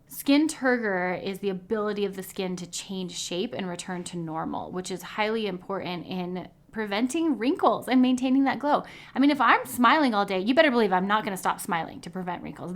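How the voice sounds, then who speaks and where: A woman's voice: medium pitch, fairly bright tone. A woman in her thirties, a dietitian hosting her own podcast, talking in an upbeat, chatty way and laughing easily. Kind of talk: casual podcast monologue.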